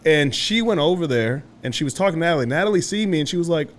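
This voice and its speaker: A man co-hosting a podcast in casual chat, an animated storyteller who swears freely and acts out the voices of people he quotes. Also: on the high side, quick pace, hardly any pauses. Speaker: podcast co-host.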